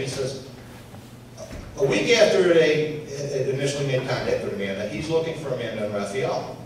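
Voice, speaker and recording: A middle-aged man with a Chicago accent telling a blunt, animated story to an audience at a public forum, raising his voice for emphasis. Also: mid-range voice, a little fast. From Chicago area, United States. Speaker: panel speaker, former investigator. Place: university pavilion before an audience. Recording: very echoey hall, distant mic, faint hiss.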